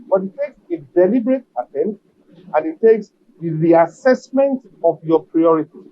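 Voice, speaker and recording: A man, a business association leader, answering an interview question in a measured, emphatic way and repeating key phrases. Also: sits high, muffled recording, slight background noise.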